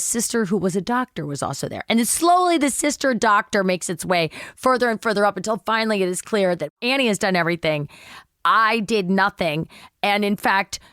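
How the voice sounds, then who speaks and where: A woman guest telling an animated, self-mocking story in casual chat, swearing freely. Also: mid-range voice, no room sound, studio quality.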